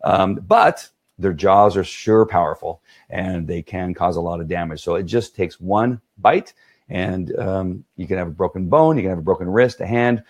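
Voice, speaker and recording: A man's voice: low-pitched, normal speed. A man who trains dogs, talking earnestly to viewers on a live stream, with many fillers and restarts. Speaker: dog trainer.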